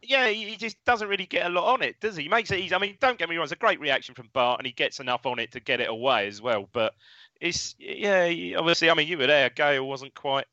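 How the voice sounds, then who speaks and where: A man's voice: on the high side, quick pace, sharp tone, no room sound, highs cut off. A man co-hosting a football podcast, casually breaking down a goal with frequent laughs and restarts. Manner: chatty, laughs often, restarts sentences. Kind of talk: casual match analysis chat.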